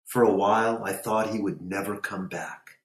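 A man narrating a story in a measured, unhurried reading. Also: on the low side, reverberant.

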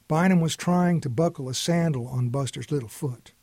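A man telling a story in a calm, homespun way. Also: fairly high pitch, moderate pace, few pauses, no echo. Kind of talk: storytelling narration.

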